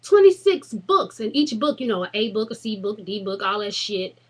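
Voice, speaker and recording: A young woman vlogger tells a story to her viewers in an animated, profane and dramatic way. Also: medium pitch, fairly quick, slightly rough. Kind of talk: casual storytelling vlog.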